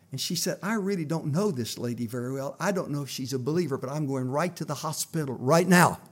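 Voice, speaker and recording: An older male preacher delivering a sermon with a husky, slightly raised voice. He tells a personal story in a folksy manner, building to loud, emphatic prayer. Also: a little high.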